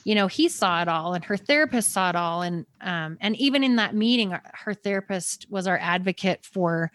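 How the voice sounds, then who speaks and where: A woman's voice: lowish voice, lively intonation, a bit bright, dry recording. A woman hosting a podcast, telling her family's story in earnest, at times near tears. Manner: earnest, quick, stumbling over words. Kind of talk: emotional personal storytelling.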